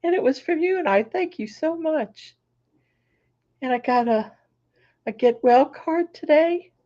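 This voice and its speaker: A woman with a hoarse, recovering voice, chatting casually on a livestream and greeting her viewers by name. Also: high voice, lively intonation, measured pace, mellow, highs cut off. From Florida. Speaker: crafting channel host. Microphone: laptop microphone.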